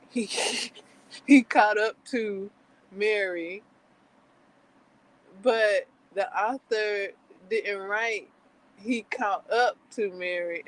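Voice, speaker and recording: Woman livestream host, casual rambling chat, slow and giggly. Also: mid-range voice, poor audio. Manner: giggly, chatty, rambling with many fillers.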